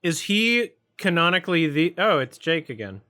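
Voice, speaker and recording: A man's voice: a little high, big pitch swings, moderate pace, bright, forceful tone. A man casually commenting while watching a film, mumbling asides and puzzled questions between snacks. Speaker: film reviewer hosting a watch-along.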